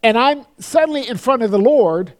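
In a very high, expressive voice, a man preaches an earnest sermon, frequently repeating words as phrases start. When he quotes scripture, he slows down and grows solemn.

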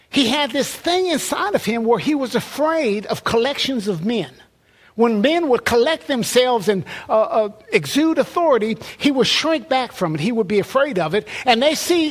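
A man preaching a sermon in a conversational way, often repeating words and restarting phrases. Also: very high voice.

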